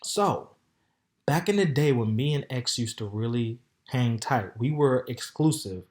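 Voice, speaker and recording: Flamboyant, sassy man telling a story. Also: measured pace. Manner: flamboyant, sassy, animated, calls listeners "baby" and "honey"; swings from loud outbursts to low mutters. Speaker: podcast host. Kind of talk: casual storytelling monologue.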